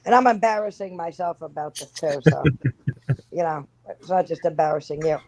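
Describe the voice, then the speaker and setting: A woman's voice: fairly low pitch, lively intonation, measured pace, a little mellow, rough recording. A woman on a casual podcast, telling an exasperated, profane family story as the mother.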